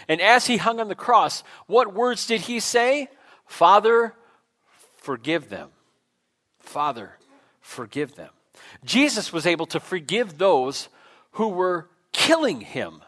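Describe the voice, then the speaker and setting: A man's voice: on the high side, sharp tone. A man, a pastor, preaching a sermon in a church in a conversational, self-deprecating way, with frequent fillers and restarts. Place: church sanctuary.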